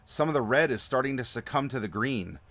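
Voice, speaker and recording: A man hosting a live map-design stream, chatting to viewers in an animated, playful way. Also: mid-range voice, brisk. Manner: animated, playful, talks to chat. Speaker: host.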